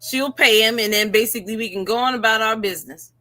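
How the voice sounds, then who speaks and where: A woman's voice: fairly high pitch, fast, bright, forceful tone, no room sound. A woman co-hosting a podcast, chatting casually about a TV episode and agreeing with the other hosts a lot. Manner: chatty, lots of agreeing fillers. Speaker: podcast co-host. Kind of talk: casual TV recap chat.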